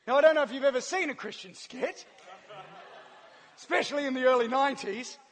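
A man's voice: extremely high pitch, animated, a little fast, fairly bright tone. A man giving a personal testimony to a live audience, acting out scenes and laughing often as he tells the story. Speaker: guest speaker. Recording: long hall reverb.

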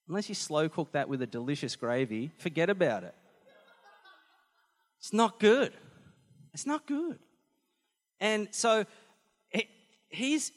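A man preaching a sermon, animated and emphatic, often repeating phrases for effect. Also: high-pitched. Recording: long hall reverb.

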